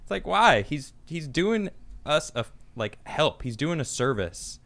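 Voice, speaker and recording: A man co-hosting a casual podcast chat, talking haltingly and restarting his phrases often. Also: on the high side, sing-song, gravelly, a bit bright. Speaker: podcast co-host.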